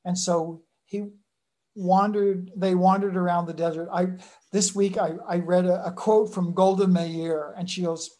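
A woman's voice: fairly low pitch, steady tone, unhurried, dark tone. A woman giving a sermon in a conversational way, acting out short voices as she retells the story. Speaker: preacher.

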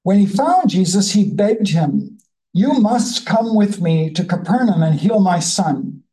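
A Bible study leader in a conversational teaching style, reading scripture slowly and then musing about it in a chatty way. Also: mid-range voice, lively intonation, mellow, low-quality recording.

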